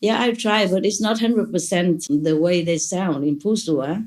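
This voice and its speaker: A woman's voice: lowish voice, normal speed, darkish tone. Woman, spiritual teacher; playful, gushing, laughs often; imperfect English. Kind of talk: answering questions at a gathering.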